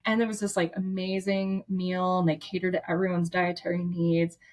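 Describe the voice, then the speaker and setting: Woman therapist, guest; low-ish voice, heartfelt chatty storytelling full of restarts. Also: little pitch movement, normal speed. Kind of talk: casual storytelling.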